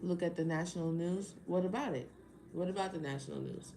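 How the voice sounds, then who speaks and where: A woman with a lowish, warm voice hosts a tarot live stream, speaking a little fast as she rants heatedly, exasperated and sarcastic, firing rhetorical questions at viewers. The audio is roomy live-stream sound with faint background noise.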